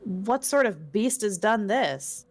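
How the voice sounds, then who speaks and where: A woman's voice: medium pitch, expressive, slow. A woman taking part as a player in a tabletop game, direct and questioning. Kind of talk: casual tabletop play.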